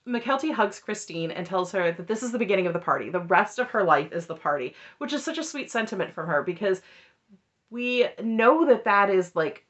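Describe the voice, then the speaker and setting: A woman's voice: medium pitch, highs cut off. A woman in casual commentary recapping a reality show, laughing often and acting out what people said. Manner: animated, laughs often, acts out quotes.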